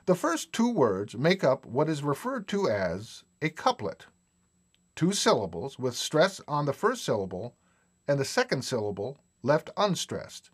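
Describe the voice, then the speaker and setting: A man giving a scripted lecture narration with measured, explanatory delivery and emphatic lists. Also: medium pitch, very animated.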